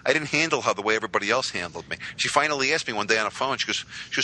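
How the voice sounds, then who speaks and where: A man, telling stories as a podcast guest with lively voiced quotes. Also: lowish voice, rapid-fire, a little hiss or hum, rough recording. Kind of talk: casual storytelling.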